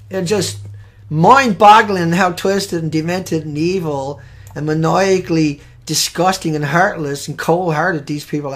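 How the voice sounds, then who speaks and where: A man hosting a live show, giving heated, emphatic commentary on news headlines with sudden loud bursts. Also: on the high side.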